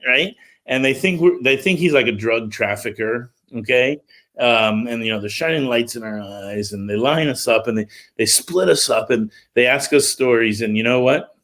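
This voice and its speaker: A middle-aged man, a music promoter, casually telling an animated story on a livestream call, with lots of filler words. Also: mid-range voice.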